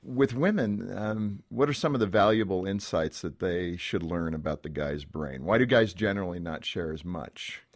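A man's voice: deep voice, normal speed, hardly any pauses. A man hosting an interview show, asking questions in a playful way and laughing easily. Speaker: host. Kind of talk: interview conversation.

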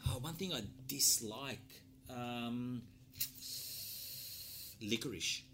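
A male chef and restaurateur answering interview questions in short, relaxed, easygoing replies. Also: medium pitch, extremely slow, background noise.

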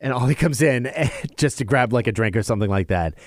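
A man in casual podcast chat, telling family stories with lots of laughter and jumping up in pitch for quoted voices. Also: a little fast, no echo, studio quality. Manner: animated storyteller, laughs often, jumps high for quoted voices. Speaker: podcast co-host.

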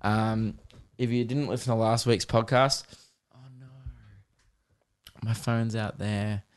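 A man's voice: lowish voice, fairly even intonation, slow, clear, resonant tone. An Australian man in his twenties hosting a podcast, telling rambling, profane comic stories in a casual chat. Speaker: podcast host.

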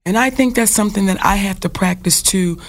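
A woman's voice: medium pitch, a little fast. Frank, profane woman co-host, telling heartfelt stories. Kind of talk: candid casual talk.

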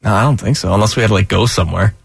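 A man's voice: on the low side, racing, gravelly, husky, dry recording. A male co-host on a sports talk show, telling stories in a casual way over a studio mic. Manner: casual, storytelling, nostalgic. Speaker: radio co-host.

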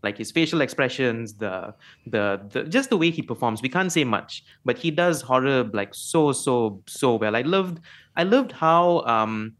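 A man co-hosting a radio film review, excited and repeating words for emphasis. His voice sits in the middle range, and he talks in a casual chatty way. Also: mid-range voice. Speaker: radio show co-host.

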